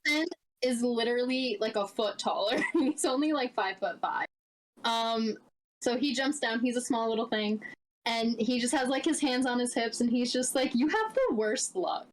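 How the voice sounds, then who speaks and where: A woman's voice: fairly high pitch, moderate pace, rough recording. A woman playing a tabletop game, chatty and giggly. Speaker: player. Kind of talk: casual tabletop play.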